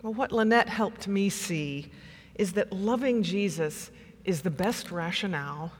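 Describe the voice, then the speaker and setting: A pastor preaching a sermon with measured delivery and dramatic pauses. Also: medium pitch, breathy edge, long reverb tail.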